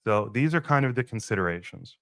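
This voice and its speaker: A man's voice: lowish voice, animated, brisk, gravelly, fairly bright tone, no room sound. A man hosting his own podcast, musing and rambling in a casual solo monologue and swearing freely. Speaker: podcast host.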